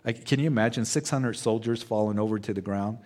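A man preaching a verse-by-verse sermon as pastor, in a slow and deliberate way. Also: on the low side, a little mellow. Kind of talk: expository sermon.

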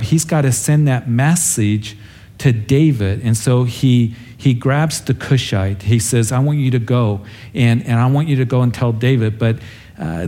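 Male pastor, mid-pitched and mellow, earnest conversational sermon teaching. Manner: storytelling, acts out the characters with a raised voice. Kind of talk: verse-by-verse Bible teaching.

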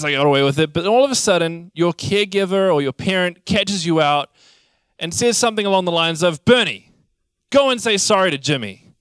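A young man preaching a sermon, telling childhood stories in a lively, animated way. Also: high voice, clean tone, no echo, studio quality. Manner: animated storytelling, acts out childhood scenes. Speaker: pastor.

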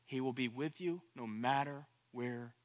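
A man preaches a sermon in a medium-pitched, unhurried voice. He repeats phrases and builds to impassioned cries at the peaks.

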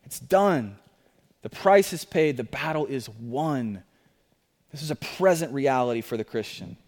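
A man preaching a sermon, repeating key phrases and moving between loud urgent declarations and quiet personal appeals. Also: mid-range voice, lively intonation, measured pace, long reverb tail. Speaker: pastor.

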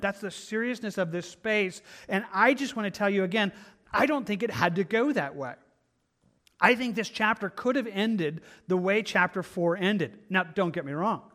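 A man with a fairly high voice preaches to his congregation in a church. He speaks earnestly and with emphasis, sometimes stumbling over repeated words as he drives his point home. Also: a bit bright. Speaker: pastor. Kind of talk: sermon. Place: church sanctuary.

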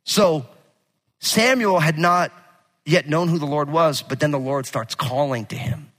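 A male pastor preaching a sermon with animated, casual storytelling and jokes. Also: on the high side, measured pace. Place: church sanctuary. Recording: long hall reverb.

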